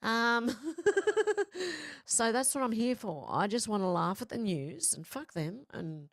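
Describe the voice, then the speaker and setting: A woman's voice: a little high, very animated, slow, no room sound, clean studio sound. A woman hosting a casual livestream, reading viewer comments aloud and chatting back with frank, swearing banter. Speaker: show host reading live chat.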